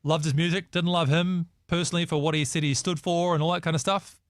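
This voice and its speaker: A man with a New Zealand accent hosting a casual chat show, lively and jokey, often slipping into mocking voices. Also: on the high side, fast talker, no echo, clean studio sound. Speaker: host.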